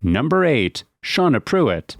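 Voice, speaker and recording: A man's voice: medium pitch, sing-song, slow pace, creaky, slight background noise. A man reading a scripted narration that introduces each speaker in a formal, announcing way.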